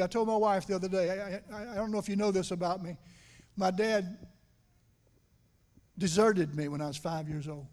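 Middle-aged preacher man, high-ish voice, chatty with the church, gets loud then real quiet. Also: fairly even intonation, moderate pace, pauses often. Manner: conversational, asks the congregation questions. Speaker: pastor. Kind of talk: sermon. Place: church sanctuary.

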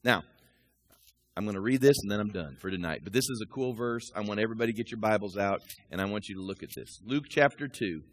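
A man in his sixties preaching a sermon, talking through scripture and personal stories and building to loud, rising peaks. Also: lowish voice, lively intonation, quick pace, dry recording. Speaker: pastor.

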